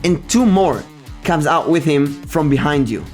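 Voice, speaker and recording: A man's voice: on the high side, lively intonation, measured pace, a little mellow, soft background music. A man narrating a tabletop role-playing game as game master, casual and often laughing.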